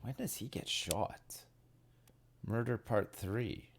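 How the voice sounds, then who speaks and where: Over faint game music, a British man streams his gameplay, muttering and thinking aloud with wildly swinging pitch. His gravelly voice moves slowly, and there's slight background noise.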